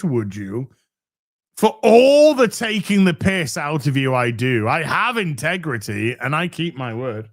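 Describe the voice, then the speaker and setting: A man's voice: a little high, very animated, takes it slowly, fairly bright tone. A man hosting a live stream who chats casually to his viewers, swearing freely and often restarting his phrases. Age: middle-aged. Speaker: livestream host.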